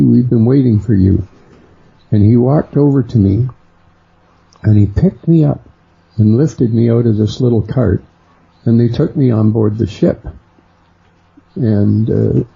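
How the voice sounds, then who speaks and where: Middle-aged man, very gravelly, husky, guest storyteller, dull lo-fi sound. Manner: unhurried storyteller who acts out quoted voices higher. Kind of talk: recounting a personal experience.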